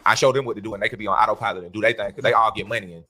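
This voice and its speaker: Fast-talking confident label owner man. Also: lowish voice, bright, forceful tone, faint music behind. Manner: fast, confident, street-casual. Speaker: music label owner guest. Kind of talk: casual conversation.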